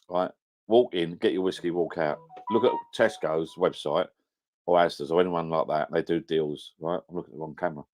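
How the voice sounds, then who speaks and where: A man's voice: low-pitched, a little mellow. A middle-aged man chatting casually on a live stream, rambling and correcting himself. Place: at home by a whiskey shelf. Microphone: camera on a home setup.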